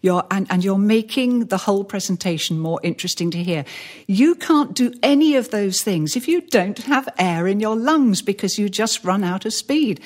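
A woman coaching on presenting, talking animatedly and swinging her voice up and down for emphasis. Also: moderate pace. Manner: animated, plays with pitch and pace for emphasis. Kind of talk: podcast chat giving advice.

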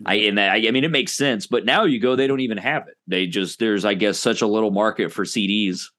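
Male podcast guest, lowish voice, halting, rambling casual talk. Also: a bit bright. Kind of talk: casual chat.

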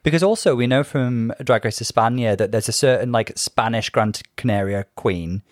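A man co-hosting a casual chat podcast, chatty and quick with dry quips, laughing often. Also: medium pitch, no room sound. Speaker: podcast co-host.

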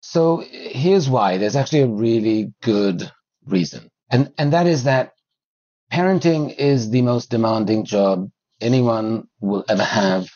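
A man with a husky voice explains ideas calmly as a psychologist guest. The sound is dry and a little dull. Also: on the low side, no echo. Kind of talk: interview explanation.

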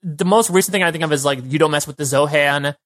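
Fast-talking young man, podcast co-host. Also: fairly high pitch, a bit bright. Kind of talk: casual chat.

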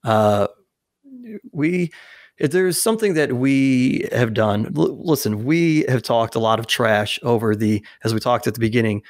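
A man's voice: mid-range voice, lively intonation, measured pace, no room sound, studio quality. A man co-hosting a podcast who talks straight to the listeners in an emphatic, casual way. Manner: emphatic, addressing listeners directly. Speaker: podcast co-host.

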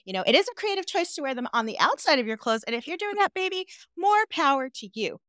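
A woman's voice: high voice, big pitch swings, fast talker, sharp tone, no room sound, clean studio sound. A woman guest in a casual interview, playful and emphatic, laughing easily as she talks.

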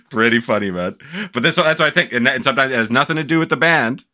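A man's voice: medium pitch, animated, moderate pace, bright, forceful tone. A man co-hosting a podcast, chatting casually in a rambling way with frequent laughs. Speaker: podcast co-host. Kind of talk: casual chat.

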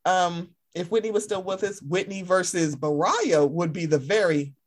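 A woman co-hosting a casual chat, animated and swearing freely as she acts out her own reactions. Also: lowish voice, normal speed. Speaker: podcast co-host.

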